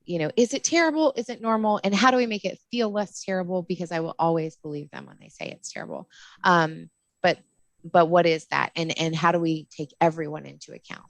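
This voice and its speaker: A middle-aged woman, a postpartum doula, talking in a casual podcast interview, passionate and animated, laughing often. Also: lowish voice, dry recording. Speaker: postpartum doula and lactation counselor.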